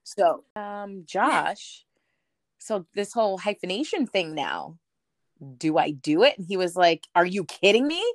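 A woman telling a personal story as an interview guest, animated, acting out the voices of the people she quotes, with lots of "like". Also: mid-range voice, unhurried, no room sound, studio quality. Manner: frequent "like" fillers.

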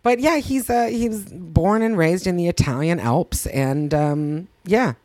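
A woman's voice: lowish voice, animated, unhurried, a little mellow, no room sound. A woman co-hosting a podcast, chatting casually and gushing as she tells a story. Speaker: podcast co-host. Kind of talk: casual chat.

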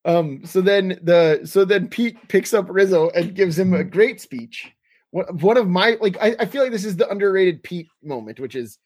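A man's voice: sits high, expressive, moderate pace, darkish tone. A man co-hosting a casual podcast chat, recapping scenes, quoting lines and chuckling often. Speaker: podcast co-host.

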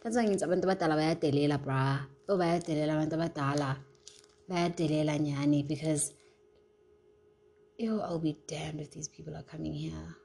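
A young woman with a South African accent rants on her vlog, fired up and swearing freely as she flips between English and isiZulu. Her voice sits low and has a husky grain to it. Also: steady tone, brisk, warm tone, low-quality recording. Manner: heated, profane, mixes English and isiZulu. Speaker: vlogger. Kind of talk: casual vlog rant.

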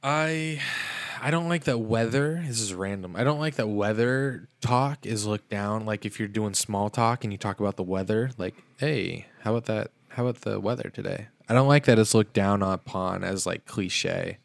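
A man's voice: fairly low pitch, normal speed, no echo. A man co-hosting a podcast, chatting in a rambling way and filling his sentences with "like". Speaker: podcast co-host. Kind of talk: casual podcast chat.

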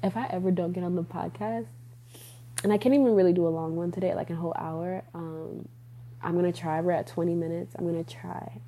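A woman's voice: lowish voice, fairly even intonation, fairly quick, warm tone, a little hiss or hum. A woman hosting a podcast, talking casually about faith in a rambling way, laughing often and correcting herself. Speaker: podcast host.

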